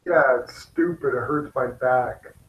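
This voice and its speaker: A man in a casual chat, talking slowly in a loose, relaxed drawl. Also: medium pitch, roomy sound, highs cut off.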